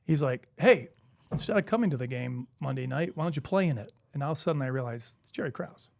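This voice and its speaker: This middle-aged man, once a basketball player, talks fast in a medium-pitched voice with vocal fry, captured in a dry recording with clean studio sound. As an interview guest, he tells casual stories with lots of animation, acting out quoted voices.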